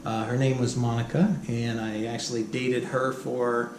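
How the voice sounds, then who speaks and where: In a roomy recording with a slight background hum, a middle-aged man speaks at normal speed in a medium-pitched, even tone. He loosely recounts personal stories, restarting sentences, leaning on fillers, and chuckling often.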